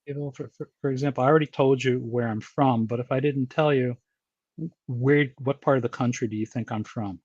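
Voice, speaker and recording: An American man from Baltimore, whose accent carries a touch of New York, hosts a podcast interview and rambles casually, full of repeated words and restarts. His voice is medium-pitched, steady, fairly quick, a little mellow and slightly rough, recorded without echo and with the highs cut off.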